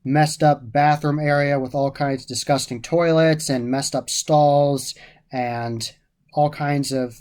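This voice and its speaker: A man's voice: medium pitch, darkish tone. A man giving a casual, enthusiastic spoken review of a haunted attraction, often repeating how much he loved the details.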